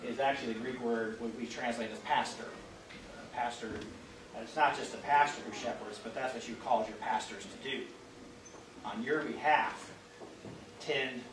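A medium-pitched man with a Midwestern American accent, a pastor, leads an interactive Bible class in a church classroom. He speaks conversationally, using plenty of fillers and putting questions to the group. The recording is roomy and distant-miked, with faint hiss.

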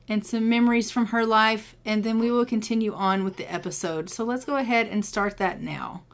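A woman's voice: on the high side, a little hiss or hum. Chatty woman narrating her gameplay. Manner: chatty, talks viewers through each step. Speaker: gameplay commentator. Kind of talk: casual let's-play commentary.

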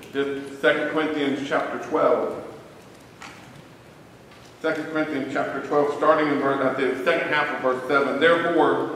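A man's voice: mid-range voice, steady tone, normal speed, long pauses, a bit bright, a little hiss or hum. Man preaching in an echoey church. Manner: emphatic, stresses single words. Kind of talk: sermon. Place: church sanctuary. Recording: echoey church hall, mic at a distance.

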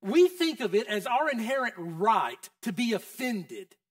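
A man's voice: very high voice, big pitch swings, unhurried, no room sound, clean studio sound, far from the mic. A man preaching a sermon as pastor, in a casual, conversational way that keeps quizzing the congregation. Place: church.

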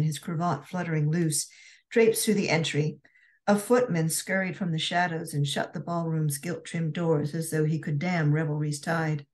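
A woman author narrating her romance novel in a steady, measured reading voice. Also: low voice.

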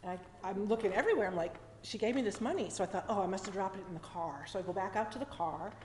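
A woman's voice: medium pitch, animated, quick pace. A woman tells a personal story to a live audience at a story slam, chatty and emotional. She often laughs in asides and restarts her sentences. The stage mic picks her up in a roomy hall with a long reverb tail and a faint hum behind.

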